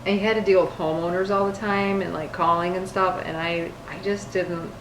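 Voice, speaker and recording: Young woman, lowish voice, giggly casual co-host, recorded in an echoey room. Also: fairly even intonation, fairly quick. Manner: giggly, reads questions aloud. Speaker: co-host, wife. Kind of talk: casual couple Q&A chat. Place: home, on a couch. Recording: echoey room, faint background hiss.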